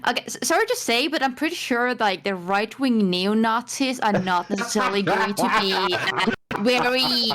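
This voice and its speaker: A woman with a slightly high voice talks at a tabletop game. She hedges her points and strings them together with "like" and restarts. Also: lively intonation, moderate pace, heavy background noise. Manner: hedging, many "like" fillers. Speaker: player. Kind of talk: casual chat at a tabletop game.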